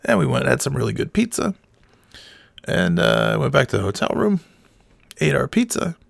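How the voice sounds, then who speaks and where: A man recounting a trip in casual, rambling chat with swearing, his voice hoarse and fading. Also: mid-range voice, big pitch swings, moderate pace, no room sound. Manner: rambling, profane, laughs mid-sentence. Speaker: vlogger.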